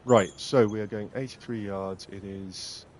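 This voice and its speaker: A man's voice: lowish voice, steady tone, a little slow, darkish tone, slight background noise. A man giving casual, self-mocking, sarcastic commentary while streaming a game.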